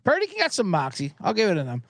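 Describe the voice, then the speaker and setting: A man's voice: high voice, huge pitch swings, fast talker, a bit bright, no echo. Male betting-podcast host, rambling and jokey, dry close sound. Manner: rambling, joking, gets worked up. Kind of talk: casual sports betting podcast.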